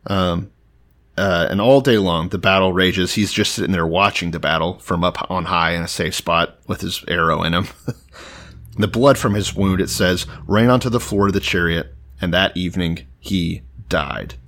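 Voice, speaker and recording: A man from Texas co-hosting a podcast, retelling a Bible story in a profane, joking, animated way. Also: sits low, normal speed. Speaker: podcast co-host. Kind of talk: casual comedic retelling of Bible stories.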